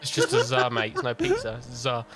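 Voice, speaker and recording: A young man with a mid-pitched, lively voice ribs his mates in a game chat. He keeps it crude and casual. He ends his jokes with a tag word. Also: a little fast, over loud music. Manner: teasing, ends lines with mate. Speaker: gamer in a party chat.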